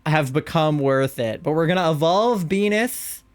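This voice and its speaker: A young man chats through a live game stream in a smooth, slightly high voice. He gushes and coos at cute creatures, swinging between relaxed muttering and excited squeals. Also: measured pace.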